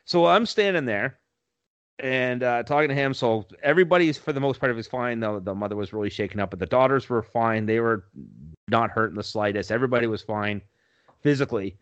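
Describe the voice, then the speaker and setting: A man's voice: medium pitch, a little fast, a bit bright, dry recording, muffled recording. A man casually telling a profane story on a podcast, often laughing as he talks.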